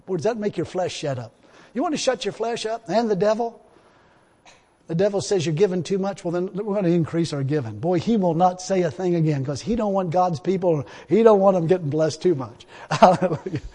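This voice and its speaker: A middle-aged male preacher delivers a sermon in a notably high voice. He is emphatic and repetitive, chuckling between points and calling out praise. The sound rings with the long reverb of a large hall. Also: a little fast, mellow. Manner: emphatic, repetitive, punctuated with laughs and "Hallelujah".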